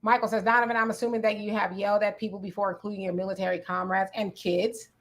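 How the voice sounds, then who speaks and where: A woman's voice: mid-range voice, little pitch movement, fast. A woman hosting a casual livestream, reading viewer comments aloud, greeting people by name and laughing often. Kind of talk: casual live chat.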